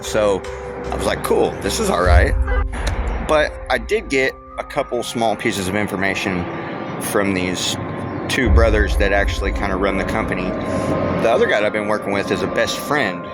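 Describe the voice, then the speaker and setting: A middle-aged man vlogs while waiting at a work site, telling a story in a fairly low voice at a moderate pace. He rambles bluntly, swearing and using lots of filler words. Music plays in the background.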